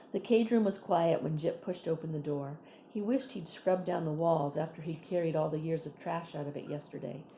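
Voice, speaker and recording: Brief: woman reading a chapter book aloud, low dark voice, unhurried with friendly asides. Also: vocal fry, echoey room, slight background noise. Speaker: reader.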